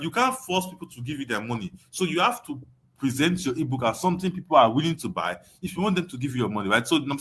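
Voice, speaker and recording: A man's voice: medium pitch, pushed and bright, husky. A young adult Nigerian man teaching an online webinar, emphatic, repeating his points and often asking "you understand?". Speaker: online course tutor.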